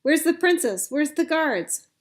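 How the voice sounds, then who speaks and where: A woman's voice: sits high, lively intonation, a little slow, voice pushed up. A woman voicing a young woman companion who screams in alarm. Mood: panicked.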